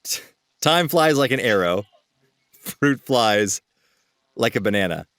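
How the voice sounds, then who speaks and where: A man's voice: medium pitch, lively intonation, slow, a bit bright, no echo, studio quality. Playful man co-hosting a podcast. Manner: playful, reads news with jokes. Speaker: podcast co-host. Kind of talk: casual podcast chat.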